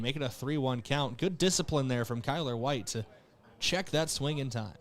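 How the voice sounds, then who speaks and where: A young man calls a live baseball game play by play from a press box. He moves briskly from pitch to pitch and fixes his own slips without breaking stride. His voice sits in an ordinary middle register. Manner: brisk pitch-by-pitch calling with quick self-corrections. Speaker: play-by-play announcer. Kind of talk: live radio and TV baseball commentary. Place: press box behind a window.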